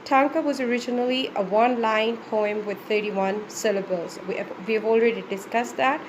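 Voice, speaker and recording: A woman teacher giving a patient classroom lesson, repeating words slowly as she counts syllables. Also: a little high, steady tone, noisy background.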